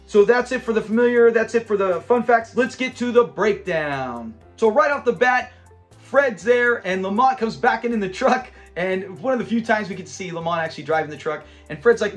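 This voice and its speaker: A man with a fairly high voice talks through an episode in a loose, chatty way. He laughs easily as he retells scenes, and faint music plays underneath. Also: a bit bright. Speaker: host of a classic TV review channel. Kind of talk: casual episode breakdown.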